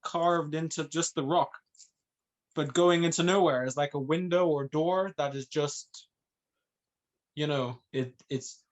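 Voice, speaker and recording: Relaxed man musing on a podcast. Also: a little high, unhurried. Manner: relaxed, hesitant, many fillers. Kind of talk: casual interview chat.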